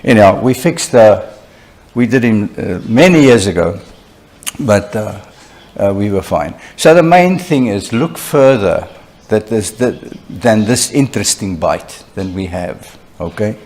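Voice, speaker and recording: Speaking a little slowly in a lowish voice, an older surgeon lectures at a conference in a relaxed, conversational style. He's an animated storyteller, sharing anecdotes and often turning to the audience with "you know" asides.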